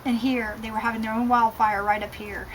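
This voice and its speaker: A woman's voice: fairly high pitch, moderate pace, slight background noise, poor audio. A novelist reading a chapter of her own book aloud, stopping now and then to comment on the text. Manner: calm reading with asides about the text.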